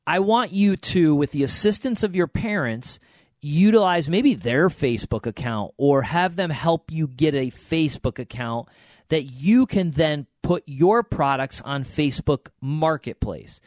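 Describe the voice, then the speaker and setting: A man's voice: fairly high pitch, expressive, unhurried, a little mellow, no room sound. A middle-aged man co-hosting a podcast, telling stories and giving encouraging advice in a casual way with frequent restarts.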